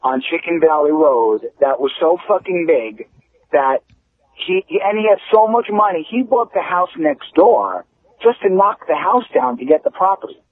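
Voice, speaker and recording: A male caller on a radio show, explaining things quickly and casually, swearing now and then. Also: a little high, expressive, dry recording. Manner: fast, explanatory, swearing freely. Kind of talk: casual phone-in chat. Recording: tinny phone line.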